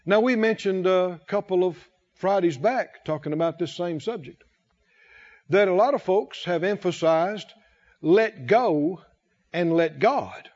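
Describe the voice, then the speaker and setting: Preacher guy with a high voice going through scripture, asks the church to answer back, muffled lo-fi sound. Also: measured pace, darkish tone. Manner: preaching, quoting scripture and asking the congregation to respond. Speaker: pastor. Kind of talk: sermon.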